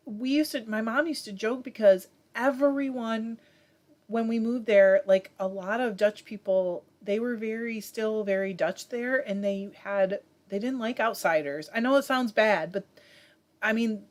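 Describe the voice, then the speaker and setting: Chatty woman reading live chat. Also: fairly high pitch. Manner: chatty, reads viewer comments aloud, many fillers. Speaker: livestream host reading chat. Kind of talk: casual chat.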